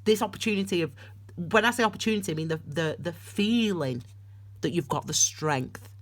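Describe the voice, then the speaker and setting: A woman's voice: lowish voice, fairly quick. A woman giving a tarot reading, talking straight to her viewers in an emphatic, impassioned pep talk. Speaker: tarot reader. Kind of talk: solo tarot reading to camera.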